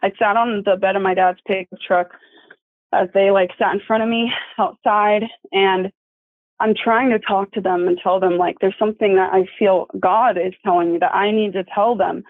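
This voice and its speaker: A woman's voice: medium pitch, fairly even intonation, dry recording. Tearful young woman on a phone line. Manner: tearful, apologetic, halting, laughs often while soothing her baby. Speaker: guest telling her testimony. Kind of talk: emotional phone interview. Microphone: phone call. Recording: dry tinny phone line.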